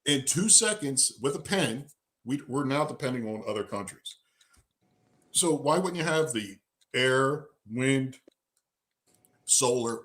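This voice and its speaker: A man co-hosting a live talk show who tells animated, joking stories and argues his points emphatically. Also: mid-range voice. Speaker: co-host. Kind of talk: casual chat.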